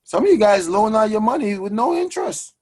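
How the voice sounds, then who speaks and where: A man hosting a personal finance show, talking to his audience in an energetic, preachy way and calling them guys. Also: high-pitched, fairly quick. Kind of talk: energetic motivational money talk.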